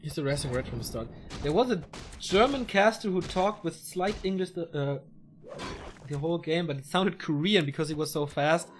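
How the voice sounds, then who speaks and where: A male esports caster talking solo over a match. His voice sits a little high and swings up and down a lot as he calls the play. He chats and tosses in joking asides between the action. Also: lively intonation, moderate pace, a little hiss or hum. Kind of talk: solo play-by-play game commentary.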